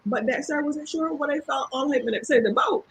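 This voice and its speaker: A woman, a guest author telling lively, laughing anecdotes in a casual interview. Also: high voice, a little fast, low-quality recording.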